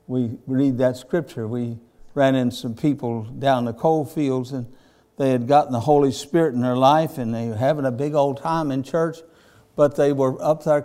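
An older man preaching a sermon in a folksy storytelling way, swinging between loud fervor and hushed tenderness. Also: medium pitch.

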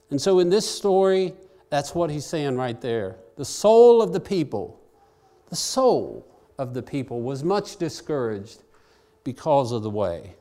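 A man with a high-leaning, darkish voice preaches a sermon, reading scripture aloud and explaining it in plain everyday language. He varies his pace, drawing out key phrases and hurrying through asides.

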